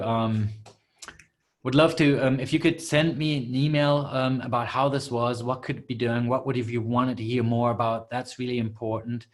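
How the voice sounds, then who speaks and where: A man hosting a live webinar Q&A as a coach, answering questions with many fillers and restarts. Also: mid-range voice.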